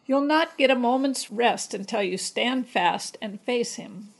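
Storybook wife, sweetly cunning and calm, read by a woman, gravelly voice. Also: on the high side, unhurried, rough recording. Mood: coaxing. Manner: gentle, coaxing. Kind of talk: storybook reading.

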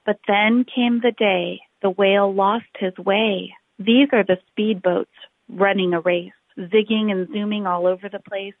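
A woman reading a children's picture book aloud, rhythmic and expressive, drawing out her phrases. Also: mid-range voice, no room sound. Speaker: storyteller. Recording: tinny phone-like recording.

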